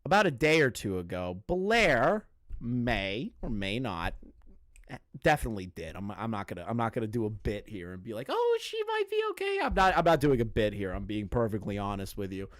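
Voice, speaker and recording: A man's voice: fairly low pitch, expressive, normal speed, fairly bright tone. Sarcastic, swearing man ranting to chat. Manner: profane, sarcastic, exasperated. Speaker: commentary video host. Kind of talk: casual ranting commentary to a live chat.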